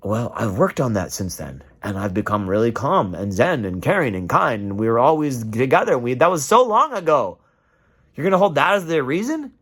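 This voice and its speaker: A man's voice: medium pitch, sing-song, moderate pace, fairly bright tone, breathy edge. Man ranting with heated, profane passion. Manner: impassioned, profane, acts out quoted voices. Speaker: vlogger. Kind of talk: emotional rant to camera.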